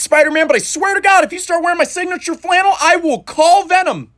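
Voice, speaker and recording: A man's voice: extremely high pitch, fast, a bit bright, no room sound. A young American man telling comic stories in a monologue, doing exaggerated voices for family members and breaking into outraged outbursts. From United States. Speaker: comedy storyteller.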